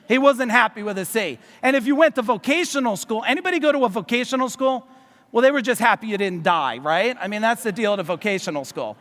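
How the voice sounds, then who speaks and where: A man from New Jersey giving a loud, fast, profane motivational business seminar to a live audience in a large hall. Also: high voice. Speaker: business speaker. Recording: long reverb of a large hall.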